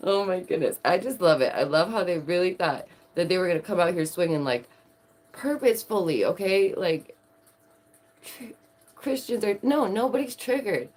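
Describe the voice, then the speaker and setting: A woman vlogger riffs through casual commentary. She is sarcastic and animated and laughs a lot. Her voice sits a little low.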